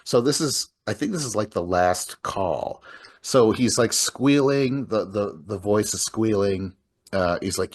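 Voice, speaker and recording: A man's voice: fairly low pitch, measured pace. A man casually talking through a movie scene by scene, rambling and swearing, laughing often. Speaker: podcast host.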